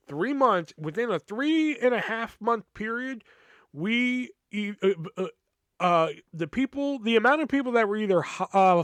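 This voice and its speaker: A man's voice: high-pitched, a bit bright, clean tone, no echo. A man hosting a podcast, telling a long casual story in a rambling, profane way with lots of filler words. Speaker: podcast host.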